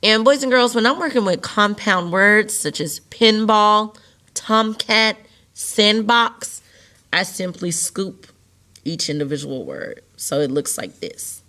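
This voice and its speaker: A woman's voice: mid-range voice, lively intonation, slow pace, pushed and bright. A woman teacher patiently walking children through a phonics lesson step by step. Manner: patient, step-by-step explaining with rhetorical questions.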